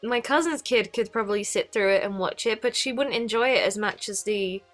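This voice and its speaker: A woman giving calm, measured opinions as a reaction panelist. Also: medium pitch, soft background music.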